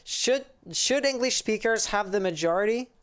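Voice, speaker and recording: This Quebec man, a native French speaker, talks in English with a Quebec French accent, and his voice is high, animated, a bit bright and smooth at a moderate pace. An esports caster, he chats casually with his stream viewers, rambling in an easygoing way and answering chat as he reads it.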